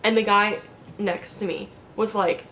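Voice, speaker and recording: A young woman chats straight to the camera, retelling a recent ordeal in loose, filler-packed sentences and laughing between quoted bits of dialogue. Her voice sits at an ordinary middle pitch. A faint low rumble runs underneath. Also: steady tone, unhurried, a bit bright. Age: young adult. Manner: chatty, lots of "like" and quoted asides, laughing often. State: recovering from neck surgery. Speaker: vlogger. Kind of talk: casual storytelling vlog.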